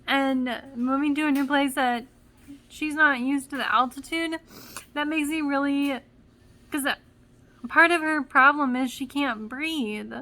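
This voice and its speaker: Close to tears, a young mother rambles through a casual vlog, leaning heavily on filler words. She has a high, sharp voice and keeps a measured pace.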